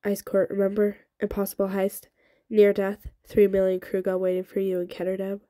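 A woman's voice: medium pitch, monotone, normal speed, warm tone, dry recording, studio quality, natural voice. A woman reading aloud from a novel, giving the lines of a bold, teasing young soldier woman in an urgent, exasperated way.

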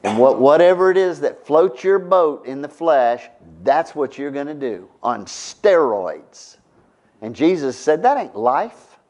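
A man's voice: on the high side, lively intonation, unhurried, darkish tone. A middle-aged man preaching a sermon in a conversational way, often stopping to ask "right?". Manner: conversational, keeps asking "right?".

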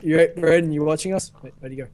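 A man's voice: fairly high pitch, rapid-fire, a little mellow, a little hiss or hum. A man chatting casually and goofing around with friends while playing a game, teasing them and humming tunes. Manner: goofy and teasing, hums tunes. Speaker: gaming video host.

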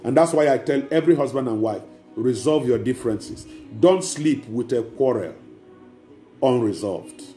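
A man's voice: mid-range voice, lively intonation, moderate pace, dark tone, reverberant, soft background music. A man, preaching a sermon as pastor, emphatic and repetitive, speaking straight to the congregation.

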